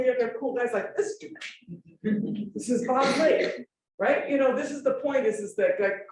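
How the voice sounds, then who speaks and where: The voice sits high, with a little hiss or hum on the recording. Picked up from a distance in a very echoey room with faint ambience, the speaker leads an informal forum lecture with slides, emphatic, heavy on rhetorical questions and checks for understanding.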